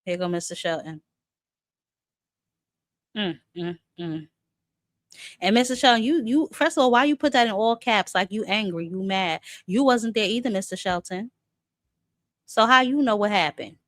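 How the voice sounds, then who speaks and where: A woman's voice: mid-range voice, animated, normal speed, a bit bright, no room sound. A woman host, giving sassy, chatty boxing commentary full of fillers. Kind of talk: casual commentary.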